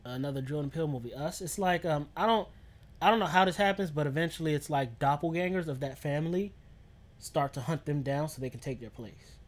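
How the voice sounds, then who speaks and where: A man riffs on a TV show with a friend, his voice sitting somewhat high. He is wry and opinionated, tossing out jokes in an offhand way. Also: fairly quick. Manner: wry, opinionated joking commentary. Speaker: co-host of a watch-along. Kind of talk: casual chat over a TV show.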